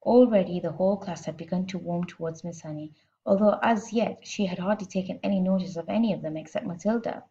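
A woman teacher reading a children's storybook aloud with expressive, steady narration, heard on a slightly muffled lo-fi recording. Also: lowish voice, quick pace.

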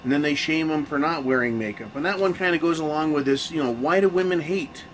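A man hosts his own channel and talks straight to camera in a loose, cursing rant. He stumbles and restarts his sentences, and his voice sits a little high. A faint air conditioning hum runs underneath. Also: fast, poor audio. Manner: profane, rambling rant with restarts. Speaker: channel host. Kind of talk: casual monologue to camera.

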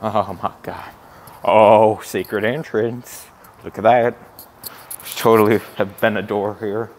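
Excitable swearing man vlogging outdoors. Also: fairly low pitch, slow pace. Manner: excitable, gasping, swearing, awestruck exclamations. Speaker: comedic vlogger in character. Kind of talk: comedic walking vlog. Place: outdoors, walking around a campus. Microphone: handheld camera.

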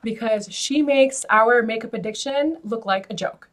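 A woman hosting a beauty vlog, chatting to camera in an animated, filler-heavy way and laughing often. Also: fairly high pitch, moderate pace. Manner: loose filler-heavy talk with frequent "like". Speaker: beauty YouTuber host. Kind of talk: casual chat to camera.

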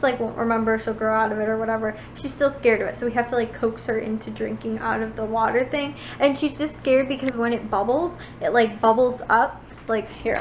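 High-voiced giggly teen girl vlogger. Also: a little hiss or hum, low-quality recording. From Chicago suburbs, USA. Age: late teens. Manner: rambling, filler-heavy, giggly. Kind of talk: casual vlog chat.

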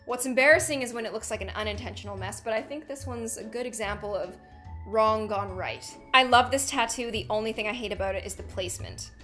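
A woman's voice: fairly high pitch, brisk, sharp tone, soft background music. Chatty, giggly young woman reacting. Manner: chatty, giggly, playful tangents and silly voices. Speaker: gaming and reaction video host. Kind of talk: casual reaction commentary.

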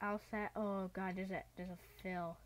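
A woman hosting a gaming channel, giving excitable gameplay commentary that breaks into yells and shrieks and is full of "dude". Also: mid-range voice, moderate pace.

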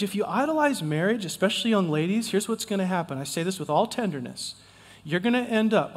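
High-voiced man preaching with long reverb. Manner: emphatic, folksy, animated preaching with repetition. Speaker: pastor. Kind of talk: sermon. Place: church sanctuary.

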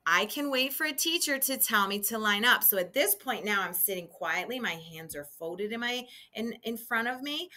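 Woman, kindergarten teacher, instructional video for little kids; sing-song and clear, bright tone. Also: mid-range voice. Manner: slow, sing-song teacher voice addressing children. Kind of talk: instructional video for young children.

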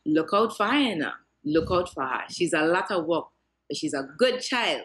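A woman's voice: low voice, lively intonation, moderate pace, a bit bright, husky, heavily acted. A woman putting on her grandmother's dialect, voicing a blunt, proud old woman who dotes on her granddaughter. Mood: emphatic. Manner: emphatic, repeating warnings. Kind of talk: quoting a relative in dialect.

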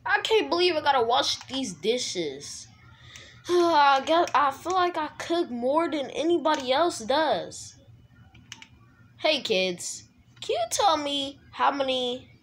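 Comedy skit: young performer doing a goofy dad, drawling and slow, lively pitch, faint noise behind. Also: male voice, reverberant, heavily acted. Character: laid-back dad host clowning around.

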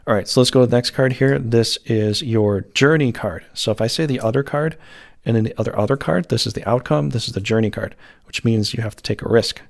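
Guy doing a loose rambly tarot reading, kinda gravelly, lots of ums. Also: mid-range voice, a little fast. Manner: rambling, meandering, lots of fillers. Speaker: tarot reader.

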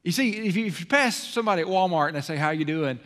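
Lively pastor in a reverberant church. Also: male voice, fairly high pitch, rapid-fire. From American South. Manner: lively, swings from loud to hushed. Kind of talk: sermon. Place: church sanctuary. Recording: long hall reverb in a church sanctuary.

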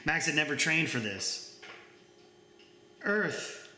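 A young man reads his own short story aloud in an even, plain way. His voice is slightly high and bright, and the room around him echoes noticeably. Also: normal speed. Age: young adult. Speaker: author reading his story. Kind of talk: story reading.

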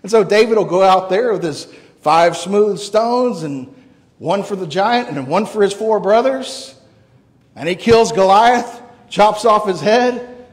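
High-voiced male pastor preaching in a reverberant church. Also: measured pace. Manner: earnest, conversational preaching with frequent repeated words. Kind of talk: sermon. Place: church sanctuary.

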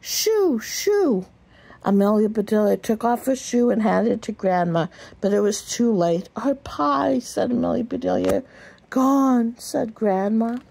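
A woman reading a children's picture book aloud in a gentle storytelling voice, with small slips and restarts. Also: medium pitch, normal speed, creaky. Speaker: storybook reader.

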